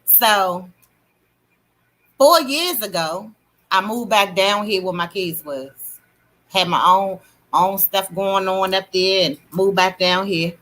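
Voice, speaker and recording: A middle-aged woman hosting a livestream, telling her testimony in a casual, animated way and greeting chat viewers. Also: medium pitch, takes it slowly, long pauses. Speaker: livestream host.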